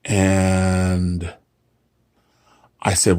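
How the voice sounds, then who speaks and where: Brief: middle-aged man recounting a work story, husky and dry-sounding, casual with a wry edge. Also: deep voice, measured pace, darkish tone, dry recording. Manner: conversational, re-enacting dialogue with dry humor. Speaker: hotel front desk clerk.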